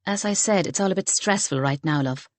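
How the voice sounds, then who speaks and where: A woman's voice: on the low side, a little fast, no room sound, close to an everyday voice. A woman reading the part of a young village woman in an audiobook.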